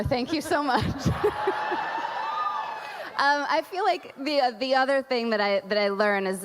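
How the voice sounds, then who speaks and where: A woman's voice: medium pitch, a little hiss or hum. A woman moderating a live panel, chatty and laughing often. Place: large event hall. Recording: reverberant hall on a PA.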